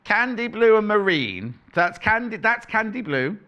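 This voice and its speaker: Bright, lively shopping-channel man. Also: high-pitched, unhurried, smooth, muffled recording. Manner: chatty, playful, self-correcting, reads out prices. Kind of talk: live TV sales patter.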